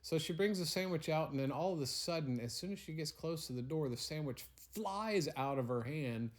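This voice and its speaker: A man's voice: on the high side, expressive, moderate pace. A man telling a playful, rambling improvised bedtime story at home.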